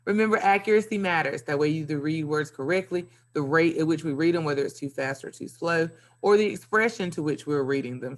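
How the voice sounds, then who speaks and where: A woman teacher giving a recorded video lesson to young pupils, upbeat and playful with sing-song emphasis. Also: deep voice. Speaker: elementary school teacher.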